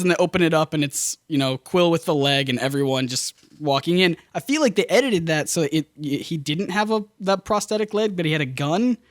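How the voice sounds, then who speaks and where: A man's voice: high-pitched, no room sound, clean studio sound. A young man co-hosting a podcast, chatting casually about a film, rambling and correcting himself as he acts out lines. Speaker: podcast co-host.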